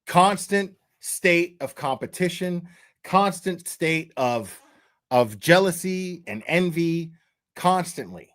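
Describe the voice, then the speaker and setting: A man's voice: a little high, lively intonation, takes it slowly, a bit bright. A man hosting a reaction commentary, mocking and profane as he talks over clips. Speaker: commentary host.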